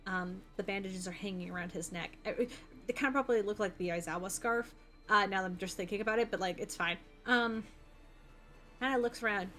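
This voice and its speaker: A woman's voice: mid-range voice, brisk, a bit bright, soft background music. A young woman narrating as game master of a tabletop game, chatty and full of fillers. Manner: chatty, lots of um and like.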